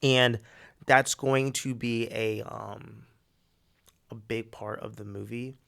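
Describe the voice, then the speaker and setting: A man co-hosting a podcast, spinning a story in casual chat with slangy, animated delivery. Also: medium pitch, creaky, smooth. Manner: animated, slangy storytelling with quick acted quotes. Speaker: podcast co-host.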